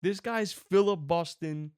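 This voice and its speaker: A man hosting a comedy reaction show, riffing excitedly on a video clip. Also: high-pitched, a little slow, clean tone, dry recording, studio quality. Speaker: comedy commentary host. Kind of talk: comic video reaction commentary.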